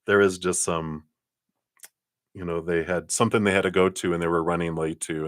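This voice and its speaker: A man's voice: deep voice, no room sound, clean studio sound. A man giving a live-streamed tarot reading, chatty and laughing often, with lots of ums and you-knows. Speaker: tarot card reader.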